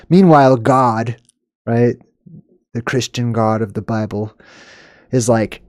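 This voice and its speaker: A man's voice: mid-range voice, slow pace, long pauses, no room sound, studio quality. A man hosting a video, casually talking over news clips in a rambling way, laughing and dropping into muttered asides. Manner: rambling, chuckling, swings from loud to muttered asides.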